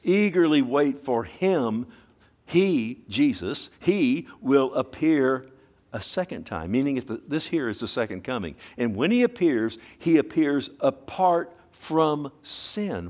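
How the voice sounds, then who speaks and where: A man preaching a sermon, firing rhetorical questions at the congregation and repeating key words fervently. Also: mid-range voice. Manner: sweeping from loud emphasis down to hushed tones.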